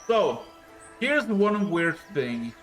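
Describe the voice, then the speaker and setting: A man narrating a tabletop game as game master, speaking very slowly and stopping often to search for words. His voice sits a little high, with faint music behind him. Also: sing-song, fairly bright tone. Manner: hesitant, many filler sounds.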